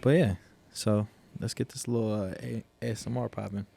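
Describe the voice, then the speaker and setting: A man's voice: on the low side, fairly even intonation, fairly quick, vocal fry, noisy background. A young man co-hosting a casual podcast, laid-back and laughing often as he reads a whiskey label aloud. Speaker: podcast co-host. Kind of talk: casual chat, tasting whiskey.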